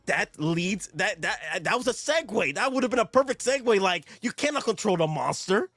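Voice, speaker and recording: Excitable man ranting, voice leaping high. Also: normal speed, hardly any pauses, no room sound, faint music behind. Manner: excitable, jumps into high indignant rants. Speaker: host. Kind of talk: casual livestream chat.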